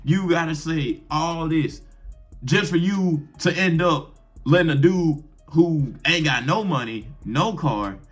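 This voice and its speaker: A man's voice: on the high side, slow pace, soft background music. A young man giving blunt, profane relationship advice to camera in brash slang, firing off rhetorical questions. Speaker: advice vlogger.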